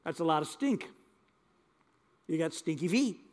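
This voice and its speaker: Older man as pastor, high voice, folksy sermon, hall reverb. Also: expressive, measured pace, darkish tone. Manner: folksy, repeats words for emphasis. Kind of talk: sermon with storytelling.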